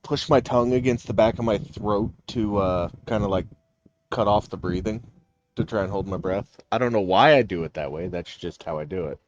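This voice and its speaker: A man narrating as game master in a tabletop game, explaining things haltingly with many fillers. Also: lowish voice, lo-fi sound.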